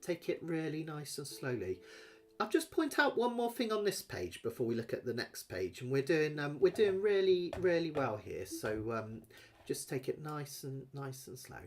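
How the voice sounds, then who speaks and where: A man's voice: a little high, sing-song, normal speed, slight background noise. A man teaching a live online ukulele lesson, chatty and encouraging, sometimes singing along as he plays. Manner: encouraging, chatty, sings along while playing. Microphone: webcam with close-up camera angle. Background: ukulele playing.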